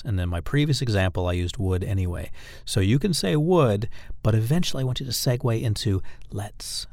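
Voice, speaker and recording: A man's voice: fairly low pitch, lively intonation, moderate pace, gravelly, darkish tone, dry recording, clean studio sound. A man giving an instructional talk on dating persuasion, speaking directly to the listener and acting out example phrases. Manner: demonstrates phrases by acting them out; direct, coaching address to the listener.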